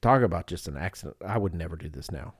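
A man's voice: sits low, animated, fast, slightly rough, no echo, studio quality. A man in his thirties, a podcast co-host, telling a travel story in casual chat and slipping into voices of the people in it.

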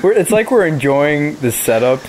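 A man's voice: fairly high pitch, sing-song, normal speed, darkish tone, a little hiss or hum. Chatty male tabletop player. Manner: chatty, loose planning talk. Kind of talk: casual tabletop play.

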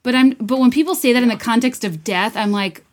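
A woman's voice: fairly high pitch, a little fast. A woman hosting a podcast interview, listening closely with short affirmations and asking reflective questions. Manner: attentive, frequent short affirmations. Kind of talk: conversational interviewing.

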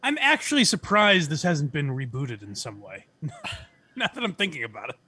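A man's voice: on the high side, big pitch swings, moderate pace, noisy background. A man co-hosting a casual comedy podcast, riffing on jokes and laughing along.

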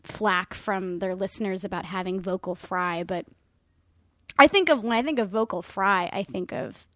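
A woman on a podcast talking casually about voiceover work, chatty and animated with many fillers. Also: medium pitch, moderate pace, no echo. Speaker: podcast guest, voiceover actor. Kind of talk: casual chat.

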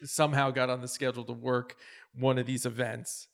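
Gravelly-voiced woman host telling stories. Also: a little fast. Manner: animated storytelling, acts out voices with high pitch jumps. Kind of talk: casual reminiscing interview.

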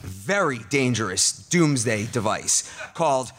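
A man's voice: medium pitch, unhurried, a little hiss or hum. A man narrating as game master of a live comedy tabletop game. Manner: lively, laughing.

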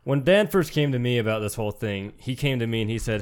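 A man's voice: mid-range voice, expressive, fast talker, few pauses, clean tone. A man guesting on a podcast as a musician, earnestly crediting his bandmate. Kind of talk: casual podcast interview.

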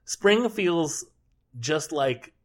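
A man's voice: on the high side, lively intonation, extremely slow. A young man co-hosting a casual chat, joking and rambling, often correcting himself mid-sentence.

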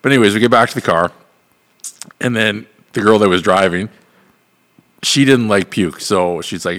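A man's voice: on the low side, moderate pace, long pauses, fairly bright tone. A man co-hosting a podcast, telling a rambling, profane story with laughs in a casual chat. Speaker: podcast co-host.

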